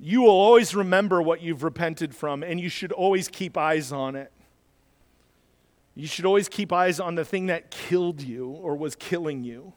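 High-voiced pastor preaching in a reverberant hall. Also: male voice, moderate pace, darkish tone. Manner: conversational preaching, rising to urgent exhortation. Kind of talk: sermon.

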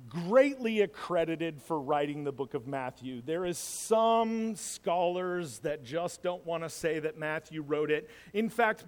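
A man preaching a casual sermon as pastor, rambling and self-deprecating, telling personal stories with lots of restarts. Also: sits high. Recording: long hall reverb.

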